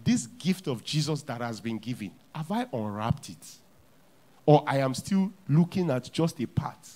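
A man preaching a sermon as pastor in a church, with a Nigerian English accent, repeating key lines and swinging from hushed to loud. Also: medium pitch, very animated, unhurried.

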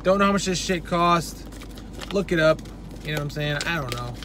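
A man's voice: on the high side, lively intonation, fairly quick, noisy background. A man giving a casual, profane product review in a brash, loose way. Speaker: supplement reviewer.

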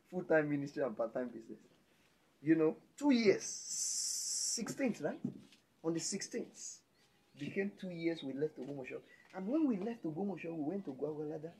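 A man with a Nigerian accent preaching a sermon as pastor, jumping between loud exclamations and hushed lines. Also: a little high, big pitch swings, normal speed, a little hiss or hum.

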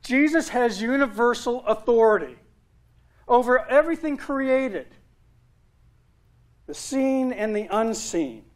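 A man's voice: very high voice, lively intonation, takes it slowly, pauses often. Man, pastor, sermon, earnest, emphatic repetition.

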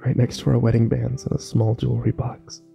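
A man narrating a first-person horror story slowly and wistfully, with small restarts. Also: mid-range voice, completely flat delivery, gravelly, dark tone, faint music behind.

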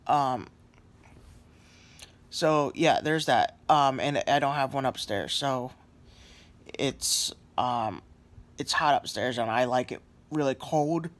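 A man's voice: on the high side, fairly bright tone. A sleepy man lying on a couch at home, rambling in a casual vlog with lots of fillers and apologies. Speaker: vlogger.

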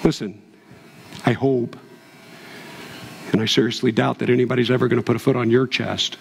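A man's voice: mid-range voice, flat delivery, moderate pace, gravelly, a little hiss or hum. A man preaching a sermon as pastor, telling a story and building to impassioned peaks. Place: church sanctuary. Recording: long hall reverb.

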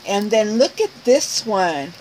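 There's slight background noise as a woman vlogger, medium-pitched and taking it slowly, unboxes a gift package at home at night. Showing every item to her viewers in casual chat, she's excited and gushing, laughing often and exclaiming over each one.

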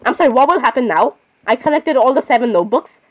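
Excitable woman narrating her gameplay. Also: sits high, quick pace. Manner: excitable, apologizes constantly, talks to herself. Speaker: gamer. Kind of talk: casual gameplay commentary.

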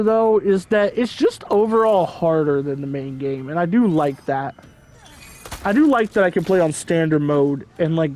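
A man with a fairly high voice chats loosely over his gameplay, hedging his guesses and padding his talk with fillers. He keeps it casual and unscripted. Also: warm tone. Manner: rambling, hedging, filler-heavy. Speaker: gameplay commentator. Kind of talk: casual game commentary.

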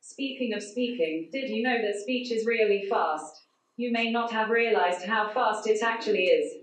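A woman giving a conference talk through a speech synthesizer, so her voice is a flat, synthetic computer voice with no intonation. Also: medium pitch, moderate pace. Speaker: conference speaker. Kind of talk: prepared talk read out by text-to-speech. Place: large conference hall. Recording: echoey hall, voice from far off.

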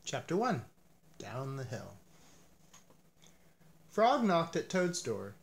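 A man reading a children's picture book aloud as narrator, with an expressive, animated delivery. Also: mid-range voice, takes it slowly, vocal fry, pauses often.

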